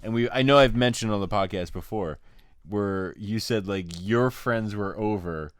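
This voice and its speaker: A man's voice: lowish voice, moderate pace, slight background noise. A man with a Philadelphia-area accent, co-hosting a podcast in an easygoing, teasing way and laughing along. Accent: Philadelphia-area American. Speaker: podcast co-host. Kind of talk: casual chat.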